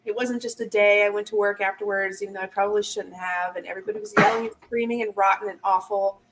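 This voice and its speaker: A woman hosting a casual live chat, telling a story in an animated way and acting out the voices of the people in it. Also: medium pitch, fast, heavy background noise. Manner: animated, acts out quoted voices. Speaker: host. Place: home in the country.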